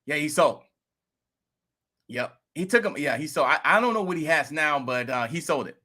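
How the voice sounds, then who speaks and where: Crypto vlogger guy, high voice, rambles and gets animated. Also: moderate pace. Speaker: crypto video host. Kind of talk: casual vlog commentary.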